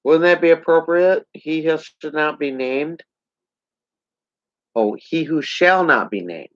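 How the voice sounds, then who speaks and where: Man, vlogger ranting to camera: slow, sarcastic, heated, dry dull sound. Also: fairly high pitch, fairly bright tone, no room sound. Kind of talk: political rant to camera.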